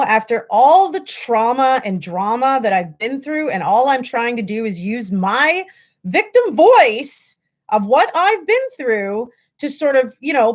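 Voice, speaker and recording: A woman's voice: fairly high pitch, dull audio. A woman hosting a livestream, ranting at her viewers in a frustrated, profane way. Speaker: livestream host.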